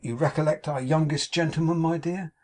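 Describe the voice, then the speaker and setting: A man's voice: fairly high pitch, steady tone, brisk, a little mellow, pitched above the performer's own voice, natural voice. A man voicing a fussy, effusive middle-aged landlady who confides everything melodramatically, in a storybook reading. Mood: gushing.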